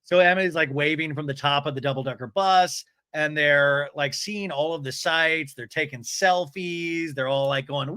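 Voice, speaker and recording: A man hosting a comedic recap, animated, slipping into high campy impressions of the people he retells. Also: moderate pace, dry recording, clean studio sound. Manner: animated, mimics cast members in high campy voices. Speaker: podcast host recapping reality TV.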